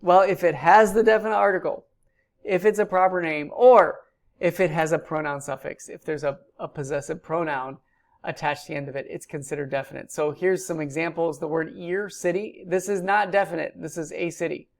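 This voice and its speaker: A woman's voice: lowish voice, fairly even intonation, fairly quick, gravelly. A woman giving a recorded grammar lecture, explaining patiently with frequent ums. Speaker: Hebrew teacher.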